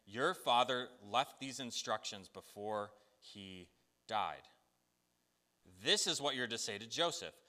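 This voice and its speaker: A man preaching a sermon, telling a Bible story with lively acted-out voices. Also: mid-range voice, in a large hall. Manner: animated storytelling, acts out biblical voices.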